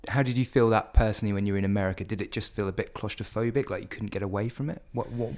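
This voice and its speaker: Male interviewer, lower voice, probing questions. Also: very fast. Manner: probing questions, soft backchannel murmurs. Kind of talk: casual interview.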